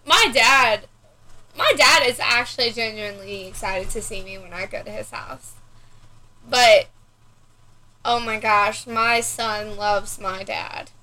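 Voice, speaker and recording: A woman co-hosting a casual podcast chat, telling everyday stories in an animated way and acting out what people said. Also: mid-range voice, slow, low-quality recording. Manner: animated storyteller who acts out quoted voices. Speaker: podcast co-host.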